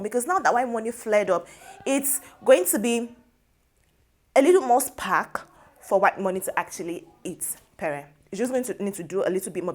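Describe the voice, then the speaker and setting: A woman host with a Nigerian accent gives her take in a casual, gossipy commentary. She talks in an animated, opinionated way and drops pidgin words into her sentences. Her voice sits at a middle pitch for a woman and comes through a close lapel mic. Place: studio.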